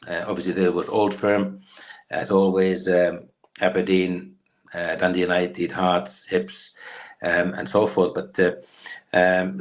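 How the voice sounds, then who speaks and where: Finnish ex-footballer, 50s, deep voice, loose anecdotal delivery with lots of ums. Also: male voice. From Finland. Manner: rambling, many fillers and restarts. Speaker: guest, former footballer. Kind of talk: storytelling interview.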